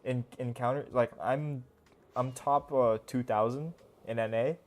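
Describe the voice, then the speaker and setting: A young man streaming a game, talking casually in a goofy, excitable, rambling way full of slang. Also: medium pitch, unhurried. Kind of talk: casual live-stream commentary.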